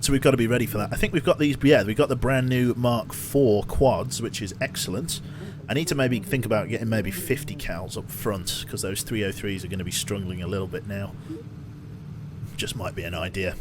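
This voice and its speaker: A man casually commentating his game on a live stream, thinking out loud and talking to his chat. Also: fairly low pitch, brisk, background noise. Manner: chatty, thinks aloud, talks to chat.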